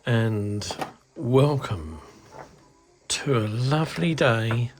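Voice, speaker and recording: A man's voice: mid-range voice, extremely slow, soft background music. A middle-aged man from the UK chatting casually about his model kit, grumbling and exasperated, swearing under his breath. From United Kingdom. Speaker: scale model hobbyist. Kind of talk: casual hobby video chat. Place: indoors at a hobby workbench.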